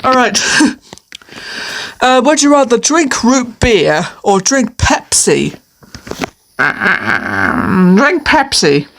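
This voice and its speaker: A woman's voice: fairly high pitch, sing-song, extremely slow, long pauses, fairly bright tone, slight background noise. A woman chatting on her own through a quiz, playful and hesitant, with many fillers and frequent laughter. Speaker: video creator answering quiz questions. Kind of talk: casual solo commentary.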